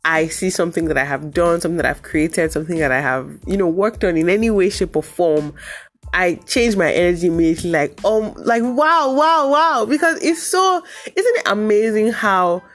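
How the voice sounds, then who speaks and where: Low-voiced woman hosting a motivational podcast. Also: brisk, soft background music. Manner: animated, jumps to high excited pitch when acting out reactions. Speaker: podcast host. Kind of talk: casual motivational podcast talk.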